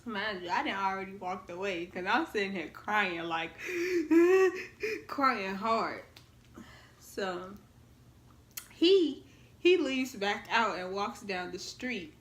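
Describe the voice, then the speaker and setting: A woman's voice: mid-range voice, takes it slowly. A young woman telling a relationship story in casual vlog chat, acting out the voices of the people she quotes. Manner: animated, acts out quoted voices. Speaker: vlogger, storytelling half of a couple. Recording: echoey room with faint noise.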